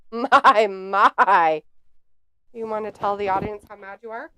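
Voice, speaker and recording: A woman's voice: medium pitch, steady tone, takes it slowly, bright, forceful tone, clear, resonant tone, no echo. A woman hosting a live watch-along stream, reading chat aloud in a snarky, sarcastic way.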